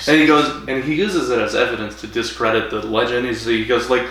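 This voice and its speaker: Animated man recapping, echoey room. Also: mid-range voice. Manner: animated, acts out characters' lines in quick put-on voices. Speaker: podcast co-host. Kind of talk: casual chat recapping an episode. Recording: echoey room, far from mic, faint hiss.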